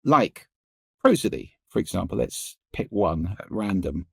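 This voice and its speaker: A middle-aged man, a podcast guest, explaining listening and voice in an animated, expressive way that shifts pace and pitch for emphasis. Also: unhurried, vocal fry, husky, no echo. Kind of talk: interview conversation.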